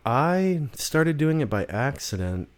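A man's voice: on the high side, big pitch swings, slow. A man guest on a podcast, talking casually about his songwriting with frequent restarts and acted-out quotes. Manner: rambling, restarts often, acts out quotes. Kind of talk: casual conversation. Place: in-person podcast studio.

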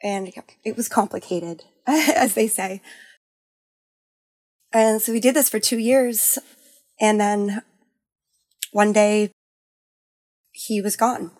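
A woman tells a personal story in an open, halting way, often restarting and trailing into soft low tones when it hurts. Her pitch sits in the middle, and the recording is close and dry. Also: no room sound. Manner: halting, full of "like" and restarts, softening to near-whispers at sad moments. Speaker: guest sharing a personal story. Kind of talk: candid conversational storytelling.

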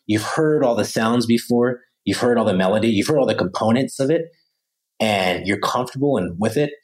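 A man with a fairly low voice talks as a podcast guest. He explains things casually and with energy, and he slips into little acted-out phrases to make his point. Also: rough recording. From Pennsylvania, USA. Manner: animated, acts out phrases in other voices. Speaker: podcast guest, language teacher. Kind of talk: casual interview talk.

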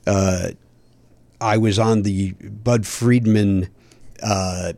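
Animated profane male storyteller. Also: on the low side, very slow. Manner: animated, profane, acts out other people's lines. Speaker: podcast guest, comedian. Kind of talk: casual storytelling.

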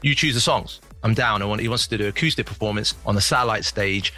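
Brief: quick, bright-toned man, low-ish voice, musing guest in a radio chat, faint music under. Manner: rambling, reflective, many restarts. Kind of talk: casual interview chat.

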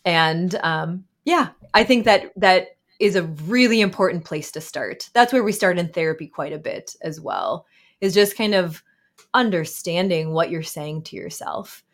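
Brief: woman in her 30s, therapist guest, lowish voice, thoughtful and unhurried, lots of "um"s. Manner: warm, reflective, with frequent fillers and soft laughs. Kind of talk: casual interview conversation.

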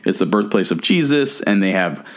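Laid-back low-voiced male podcast co-host. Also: lively intonation, moderate pace. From United States. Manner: rambling, many restarts and fillers. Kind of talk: casual travel podcast chat. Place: California.

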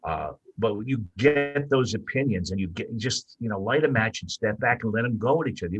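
An older man, a veteran sports broadcaster, telling stories as a guest in a casual podcast chat, animated with frequent restarts and bursts of emphasis. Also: fairly low pitch, fairly quick, few pauses, breathy edge, dull audio.

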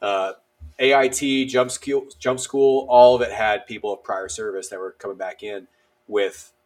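With a lowish voice and a moderate pace, this army veteran guest in his thirties shares stories in a relaxed way. He animatedly voices the dialogue of the characters and fills his speech with plenty of fillers.

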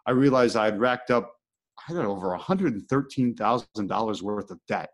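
A man's voice: lowish voice, expressive, a little fast. A middle-aged man hosting a podcast, telling a personal story in casual conversation and acting out his own thoughts with animation. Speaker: podcast host.

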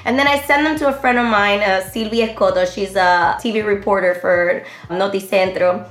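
A woman in her thirties, a guest telling her story in an animated, rambling way full of fillers. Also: medium pitch, moderate pace. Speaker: interview guest, online comedy creator. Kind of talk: casual interview chat. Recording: roomy echo.

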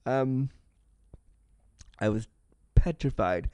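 Speaking with drawn-out words in a medium-pitched, slightly mellow voice, this man hosts a podcast and shares a candid story about himself. He's frank and self-mocking, curses freely and plays the characters, all in a clean recording without echo.

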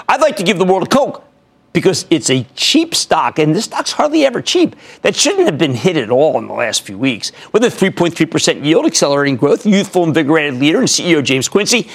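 A middle-aged man giving stock market commentary on television in an emphatic, theatrical way, jumping between loud outbursts and quiet asides. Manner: emphatic, theatrical, big swings of pitch and loudness.

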